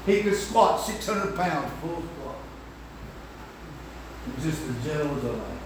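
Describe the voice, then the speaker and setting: An older man preaching a sermon, swinging from shouting to hushed storytelling. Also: a little high, big pitch swings, measured pace, background noise. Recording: echoey room, distant mic.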